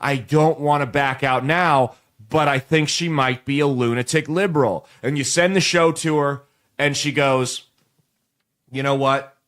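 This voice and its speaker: A man's voice: mid-range voice, steady tone, normal speed, fairly bright tone. A man in his late twenties hosting a show, telling a crude, rambling comic story straight to viewers with plenty of restarts. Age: late 20s. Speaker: show host. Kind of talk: comedic monologue to viewers.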